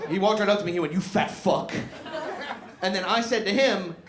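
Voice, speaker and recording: A man's voice: sits high, racing, fairly bright tone, a faint crowd. A young man performing a profane stand-up comedy set, laughing through his punchlines. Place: comedy club in a barbershop. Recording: echoey room with audience noise.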